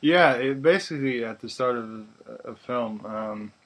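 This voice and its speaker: A man's voice: medium pitch, moderate pace, rough recording. A Norwegian man co-hosting a film podcast in casual chat, hesitant and searching for words. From Norway. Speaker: podcast co-host.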